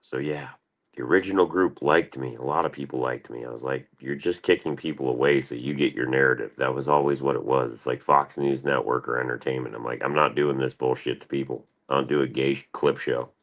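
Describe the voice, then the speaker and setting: Super deep voiced dude rambling on his livestream, swears a lot. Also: steady tone, a little fast, fairly bright tone. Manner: rambling, profane, answers chat. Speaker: livestream host. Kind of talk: casual livestream chat.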